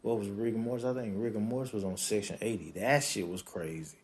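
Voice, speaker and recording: A man, hosting a podcast in a casual rant. He swears constantly and keeps jumping into high, incredulous outbursts. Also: fast. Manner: profane, animated, breaks into high-pitched incredulous outbursts. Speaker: podcast host.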